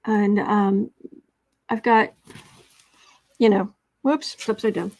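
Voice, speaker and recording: A woman's voice: mid-range voice, fairly even intonation, takes it slowly, darkish tone. A woman from the United States hosting a casual tarot livestream from home, rambling and chatty, with asides to her cat, speaking into a fixed mic off to one side. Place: home room.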